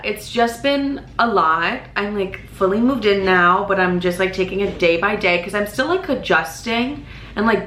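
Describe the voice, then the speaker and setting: A young woman telling a story on her vlog in a casual, animated way, swearing often and filling her talk with "like". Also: mid-range voice. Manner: animated, swears a lot, many "like" fillers. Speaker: vlogger. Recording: roomy echo, faint background noise.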